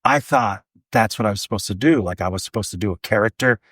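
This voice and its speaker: A man in his forties, a guest comedian, spins loose stories in a casual podcast chat, full of fillers and restarts. His voice sits on the low side. The sound is dry and close. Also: fast, a bit bright, no room sound. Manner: rambling, many fillers and restarts. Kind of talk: casual storytelling in a podcast interview.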